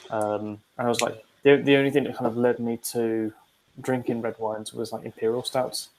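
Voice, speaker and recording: A man's voice: medium pitch, flat delivery, normal speed, poor audio. Rambling man chatting about beer. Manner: rambling storyteller with many fillers and restarts. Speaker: podcast co-host. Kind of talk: casual chat.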